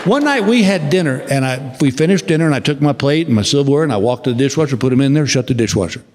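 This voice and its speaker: A middle-aged man telling a stand-up routine, a drawling storyteller who mimics his wife in a higher voice. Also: expressive, fast talker. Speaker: stand-up comedian. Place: large theater stage. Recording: long hall reverb with loud crowd. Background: audience laughter.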